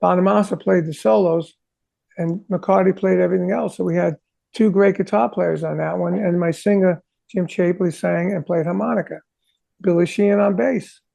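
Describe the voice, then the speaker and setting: A man, a rock drummer, chatting as an interview guest, telling animated stories and acting out conversations he had. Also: high voice, moderate pace, creaky. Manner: animated, sings drum parts vocally; acts out quoted conversations. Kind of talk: casual storytelling interview.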